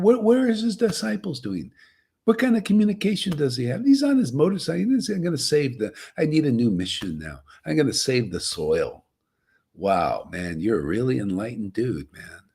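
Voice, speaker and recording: A man's voice: medium pitch, darkish tone, breathy edge. A man giving a rambling, casual devotional talk as a spiritual teacher.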